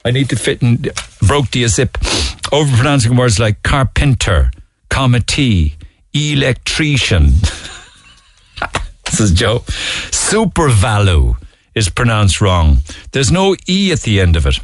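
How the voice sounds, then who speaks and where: Speaking a little slowly with long pauses, a very animated Cork man from Ireland reads listener texts on his talk radio show in a mid-range voice. The recording is dry and made on a studio microphone, and his manner is chatty and amused, with frequent laughter.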